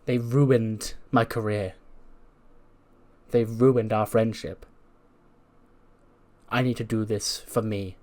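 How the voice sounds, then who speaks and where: A man's voice: lowish voice, fairly even intonation, slow pace, pauses often, darkish tone. A man voicing a female wrestler who resolves to fight alone. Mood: resolute.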